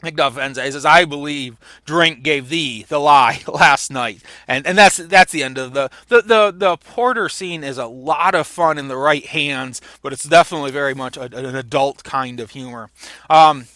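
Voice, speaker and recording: Bright-voiced man lecturing on a play. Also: a little high, moderate pace, dry recording. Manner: reads quoted lines with rising emphasis, frequent restarts. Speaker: literature lecturer. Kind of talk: lecture reading and explaining a play.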